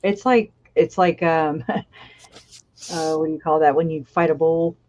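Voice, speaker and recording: A woman co-hosting a casual true-crime chat. She speaks haltingly, laughs often and breaks off her own sentences. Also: low-pitched, fairly even intonation, darkish tone. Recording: muffled lo-fi audio.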